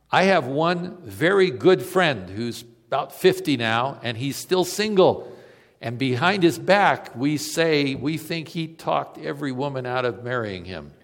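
A man preaching a sermon at a mid pitch, swinging between forceful emphasis and hushed, intimate stretches. His voice carries a long reverb, as if it were filling a large hall. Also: expressive, unhurried. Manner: storytelling, shifts between emphatic and quiet.

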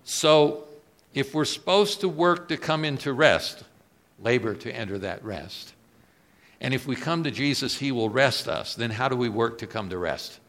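A man preaching a sermon, moving between quiet reflective lines and loud, emphatic questions put to the congregation. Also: expressive, normal speed. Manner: swings from soft low asides to loud emphatic rises; asks the audience questions.

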